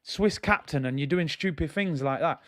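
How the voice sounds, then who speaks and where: Watching a football match live, this young male streamer and football fan commentates in an excitable, slang-heavy way at a moderate pace, his voice on the high side. Now and then he breaks out shouting.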